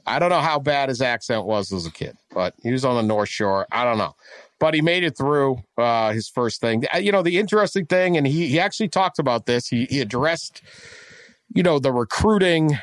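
A man's voice: mid-range voice, a little fast, dry recording. Rambling male sports podcast host. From West Virginia. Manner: rambling, self-correcting, animated. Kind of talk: casual sports talk.

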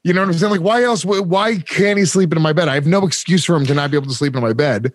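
Frank, halting man, dry close sound. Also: a little high, dry recording. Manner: halting, frank, laughs easily. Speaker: podcast co-host. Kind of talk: casual chat.

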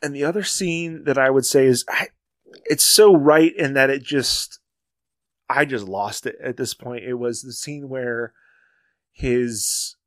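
A man in casual conversation about a film, getting choked up, halting and restarting as he recounts scenes. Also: medium pitch, no room sound, clean studio sound. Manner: emotional, halting, many restarts.

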